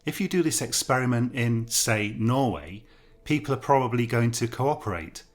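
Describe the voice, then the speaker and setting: A man's voice: mid-range voice, expressive, moderate pace, close to an everyday voice. A man voicing a confident male businessman giving self-assured opinions.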